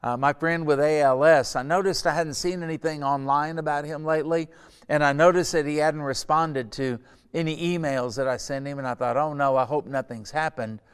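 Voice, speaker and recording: A middle-aged pastor teaching a Sunday school Bible lesson, earnest and conversational, building to emphatic points. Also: male voice, fairly high pitch, fairly even intonation, brisk, clear, resonant tone.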